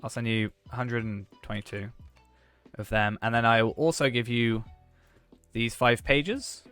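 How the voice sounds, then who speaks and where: A man's voice: mid-range voice, steady tone, measured pace, fairly bright tone, clean tone. Joking man streaming a game. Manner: joking, chatty, talks to chat while playing. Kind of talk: casual game stream chat. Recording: faint background music.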